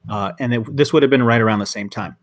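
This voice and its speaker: A man's voice: medium pitch, fast talker. A man co-hosting a podcast in casual chat, rambling and getting heated, with frequent restarts. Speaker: podcast co-host.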